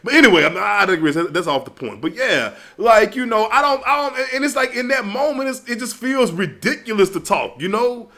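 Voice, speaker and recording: A man telling stories in a casual comedic monologue, animated and profane, often breaking into laughs. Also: high voice, a little fast, few pauses. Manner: animated, profane, loud storytelling with frequent laughs.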